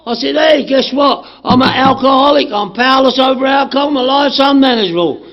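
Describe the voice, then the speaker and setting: A man telling his recovery story to a meeting in an animated way, acting out the dialogue, swearing and laughing. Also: very high voice, brisk. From England. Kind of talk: personal recovery story told to a group. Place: community meeting room. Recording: dull lo-fi room recording.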